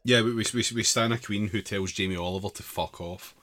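A man's voice: lowish voice, a little fast, a bit bright. A British man co-hosting a casual comedy chat, blunt and sweary with dry jokes. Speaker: podcast co-host.

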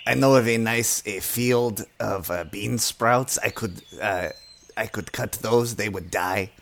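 A man voicing a gravelly, hesitant goblin. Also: on the low side, fairly bright tone, a little hiss or hum. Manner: hesitant, halting, full of ums. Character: gentle male goblin who refers to himself in the third person. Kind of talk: in-character tabletop role-play.

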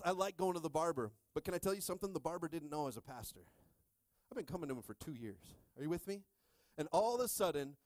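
Lively preaching man, dry close sound. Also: fairly high pitch, dry recording. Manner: animated call-and-response preaching, swings from hushed to shouting. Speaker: pastor. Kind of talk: sermon.

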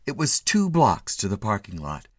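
A man reads a short story aloud in a low, expressive voice with lively rises and falls. The sound is dry and close, with faint music underneath. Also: no room sound. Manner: expressive, measured. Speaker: narrator. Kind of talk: storybook reading.

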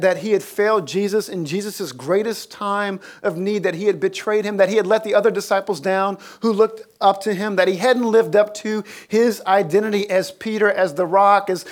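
Animated preacher telling stories from a pulpit. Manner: animated storytelling, lively pitch swings; laughs while telling stories. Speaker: pastor. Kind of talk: sermon. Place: church.

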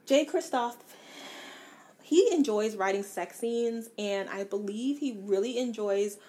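A young woman vlogging about books in a casual, candid and blunt way, with animated, self-deprecating asides. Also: on the high side, a little slow. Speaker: book vlogger. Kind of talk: casual book review chat.

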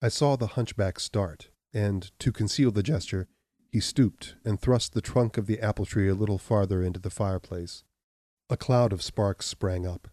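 A man reading a story aloud in an even, measured narration. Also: on the low side, no room sound, studio quality. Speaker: audiobook reader. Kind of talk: scripted narration.

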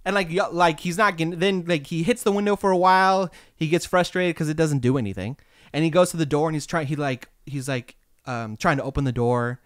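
A man's voice: on the high side, a little fast, smooth, dry recording, studio quality. A man in casual conversation, telling stories from his old overnight jobs in a laid-back, rambling way. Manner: laid-back, tells stories with quoted exclamations. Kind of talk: casual storytelling chat.

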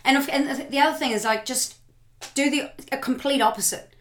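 A woman's voice: high voice, fairly even intonation, fairly quick, a bit bright. A woman co-hosting a podcast in casual chat, playful and descriptive. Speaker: podcast co-host.

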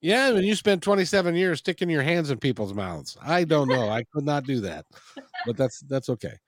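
A man's voice: on the high side, big pitch swings, normal speed, dry recording, clean studio sound. A man hosting a podcast, chatting with a guest in an easygoing, teasing way. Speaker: podcast host. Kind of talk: casual interview chat.

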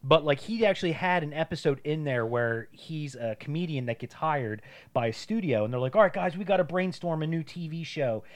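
Slightly high-voiced rambling male podcaster. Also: expressive, fairly quick, few pauses. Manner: rambling, heavy use of "like", acts out quoted voices. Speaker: podcast co-host. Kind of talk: casual chat.

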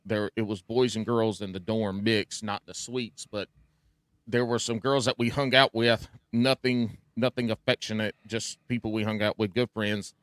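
Male co-host, low smooth voice, self-mocking rambling storyteller. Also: fairly even intonation, normal speed, a bit bright, no echo. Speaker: podcast co-host. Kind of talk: casual storytelling chat.

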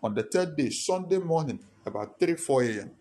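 A man's voice: fairly high pitch, lively intonation, a little fast, a little mellow, breathy edge. A male pastor, preaching a sermon with impassioned rhetorical questions.

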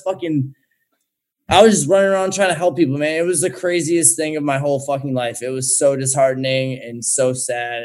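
A young man telling a story in casual chat, swearing a lot and talking in an animated way. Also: medium pitch. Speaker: guest.

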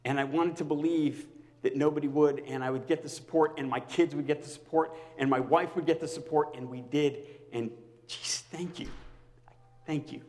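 A man preaching a personal sermon to his congregation as their pastor, swinging between loud outbursts and near-whispers. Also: on the high side, steady tone, moderate pace, in a large hall.

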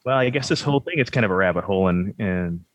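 A man's voice: deep voice, animated, fast talker, dry recording. A man hosting a podcast, chatting casually in a rambling, self-deprecating, joking way. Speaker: podcast host.

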